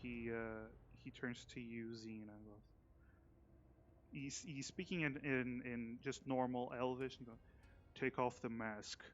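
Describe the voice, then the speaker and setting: A man's voice: mid-range voice, fairly even intonation, unhurried, slight background noise. Man game master, muffled lo-fi audio. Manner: describes scenes, then chats and jokes with players and chat. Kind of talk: narrating a tabletop game on a live stream.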